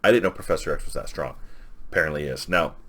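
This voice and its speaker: A man's voice: extremely low pitch, racing, a bit bright. A man casually retelling a comic book story as a reviewer, with lots of fillers and quoted lines. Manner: rambling, filler-heavy recap with quoted lines.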